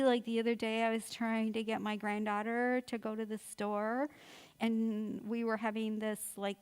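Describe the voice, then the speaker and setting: A woman's voice: on the high side, clear, resonant tone. An older woman therapist giving an informal, chatty talk to mothers, encouraging and acting out everyday quotes.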